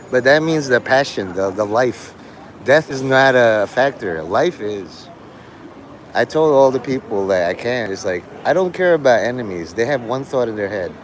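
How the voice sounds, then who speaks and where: Brief: male streamer, rambling talker, laughs a lot, middle pitch, clear street noise and traffic behind him. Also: low-quality recording. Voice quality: meandering, laughs often between thoughts. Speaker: livestreamer. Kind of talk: rambling live-stream chat.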